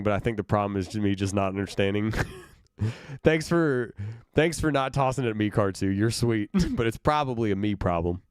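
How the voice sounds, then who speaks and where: A man's voice: on the low side, clear, resonant tone, dry recording, clean studio sound. A man from Brooklyn, a band musician, chatting casually with viewers on a livestream, laughing often. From Brooklyn, New York. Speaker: band musician streaming reactions.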